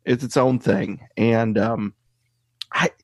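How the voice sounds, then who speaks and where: Brief: male co-host, rambling and casual, dry mid-pitched voice. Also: slow pace, no echo. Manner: rambling, full of fillers. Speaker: podcast co-host. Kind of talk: casual chat.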